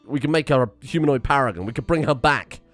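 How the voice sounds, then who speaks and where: A man's voice: medium pitch, expressive, fast talker, fairly bright tone, faint music behind. A man doing video game commentary, rambling and exasperated, talking nonstop. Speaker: let's play host.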